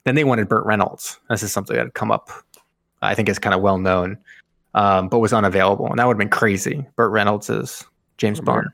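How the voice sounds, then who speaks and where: Podcast host, male, gravelly, jokey trivia rambler. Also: lowish voice, fairly even intonation, brisk, a bit bright, no room sound, studio quality. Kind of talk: casual chat.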